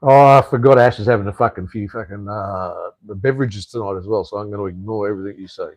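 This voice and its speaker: A man's voice: on the low side, fast talker. An Australian man rambles through a casual live stream, answering viewer comments as they come in. He swears freely and fills his talk with fillers and restarts. His voice sounds dry and close, with almost no room echo. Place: home in Cambodia.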